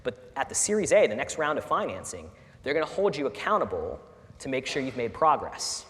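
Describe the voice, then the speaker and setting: At a fireside chat in a large lecture hall, a middle-aged startup founder speaks candidly and with feeling in a medium-pitched, slightly fast voice. He's earnest and animated, often restarting sentences and using fillers, and the hall sounds echoey with faint ambience.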